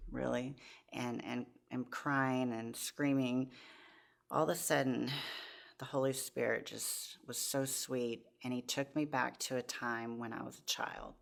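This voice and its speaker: A woman's voice: a bass voice, creaky. A woman in her forties, a podcast guest, earnestly telling her personal testimony with many restarts.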